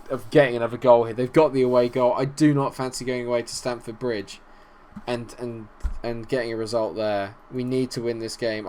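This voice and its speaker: A young man commentating his own football management game, exasperated, swinging from low muttering to shouting at his players. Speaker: gaming YouTuber. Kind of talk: let's-play commentary.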